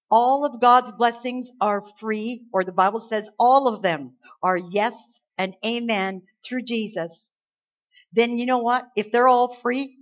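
A woman pastor from Canada preaching a sermon, emphatic and full of rhetorical questions. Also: on the high side. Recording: slightly dull lo-fi sound.

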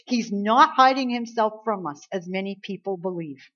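A woman's voice: medium pitch, moderate pace, a bit bright, muffled recording. A woman preaching a sermon, earnest and emphatic, quoting scripture and building to stressed points.

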